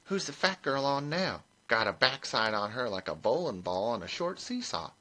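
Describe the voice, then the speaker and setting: A man voicing a blunt, gossipy village woman who is quick to alarm. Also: medium pitch, sing-song, bright, forceful tone.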